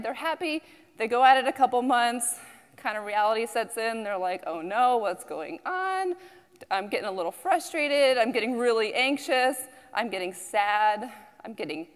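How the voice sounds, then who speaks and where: A woman founder gives a startup pitch to a crowd in a large hall, and her voice rings out with a long tail of reverb. She speaks earnestly and personally, filling pauses with ums. Her voice sits a little high. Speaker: company founder and CEO.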